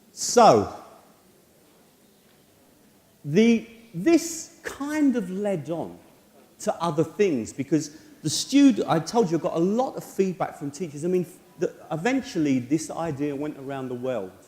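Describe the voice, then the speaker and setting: A man presenting at a teachers' conference in a lecture hall, chatty and lively, telling personal anecdotes. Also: fairly high pitch. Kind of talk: conference talk. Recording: echoey hall with long reverb.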